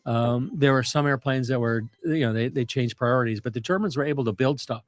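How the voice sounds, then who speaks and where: An older man, a retired Navy captain appearing as a guest historian, explains history conversationally and a little fast. His middle-pitched voice is recorded dry and close, with no room sound, and his detailed explanations ramble and circle back with restarts and fillers.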